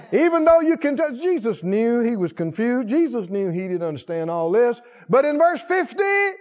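A man preaching a sermon in call-and-response style, repeating lines and swinging from hushed to loud. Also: extremely high pitch, sing-song, a little slow, pauses often. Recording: dull lo-fi recording.

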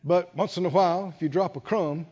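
A pastor preaching a sermon, calling on the congregation to answer and swinging from hushed lows to loud peaks. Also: male voice, brisk, a little hiss or hum. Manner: call-and-response preaching, swinging from low hush to loud. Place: church sanctuary. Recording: dull lo-fi sound in a reverberant church.

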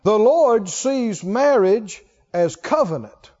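A man preaching a sermon as pastor, slow and emphatic, leading his congregation in call-and-response. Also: sits high, animated, darkish tone, big-room sound, dull audio. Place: church sanctuary.

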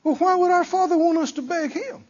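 A man's voice: extremely high pitch, steady tone, fairly quick, darkish tone, dull audio. A male preacher delivering a dramatic sermon, acting out pleading prayers and firing off rhetorical questions in folksy phrasing.

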